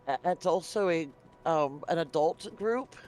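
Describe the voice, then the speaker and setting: A man co-hosts a gaming stream in easy, casual talk. He is chatty and laughs often between remarks. His voice sits a bit high for a man. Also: expressive, a little slow, a little mellow. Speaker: co-host who has played the game. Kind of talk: casual gameplay chat.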